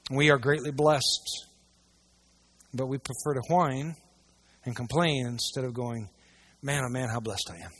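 A man preaching a sermon to a church audience, swinging between hushed asides and loud, emphatic passages. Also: mid-range voice, unhurried, long pauses. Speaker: pastor.

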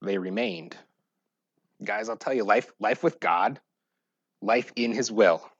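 A pastor preaching a sermon, moving between loud, emphatic scripture reading and quiet, joking asides. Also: male voice, lowish voice, lively intonation, moderate pace, dry recording, dull audio. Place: church.

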